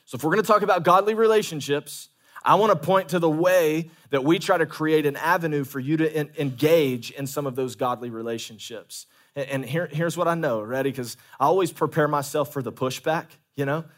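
A man preaching a sermon as pastor, animated, calling for amens and acting out quoted voices. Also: a little high, brisk.

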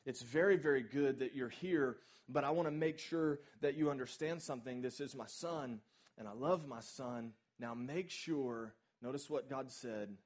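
A man's voice: mid-range voice, moderate pace, darkish tone. A male pastor preaching a sermon at a church service, talking in a conversational, emphatic way and putting questions straight to the congregation.

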